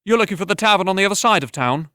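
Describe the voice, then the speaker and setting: A man's voice: sits high, lively intonation, very fast, sharp tone, clean tone, dry recording, studio quality, pitched above the performer's own voice. A man voicing a burly male tavern keeper who answers in blunt, short replies.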